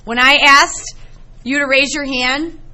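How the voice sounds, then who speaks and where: A woman's voice: high voice, steady tone, measured pace, pushed and bright. A middle-aged woman teaching a math class, explaining in a chatty, storytelling way to her students in a classroom.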